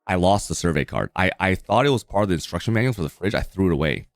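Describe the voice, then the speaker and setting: A man's voice: sits low, lively intonation, fast. A man, a live streamer, telling a casual story on stream in a rambling way, with constant restarts and fillers like "dude".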